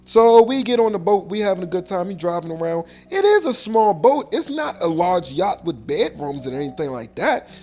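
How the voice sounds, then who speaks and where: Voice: mid-range voice, sing-song, moderate pace, few pauses, darkish tone. Slangy comic storyteller acting out voices. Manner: slangy, acts out every voice in the story. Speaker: comedian.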